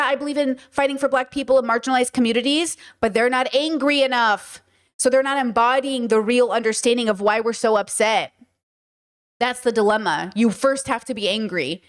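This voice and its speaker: A woman hosts a livestream, talking in a casual commentary style. She is emphatic and impassioned, swears freely and leans on fillers like "like" and "right". Her voice sits fairly high. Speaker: livestream host.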